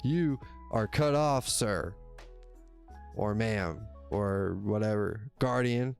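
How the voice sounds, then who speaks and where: Taking his time, a man with a fairly low, clear, resonant voice speaks over soft background music. He runs a casual solo livestream on a desk mic, talking to viewers with lots of rambling, self-correction, cursing, and frequent laughs.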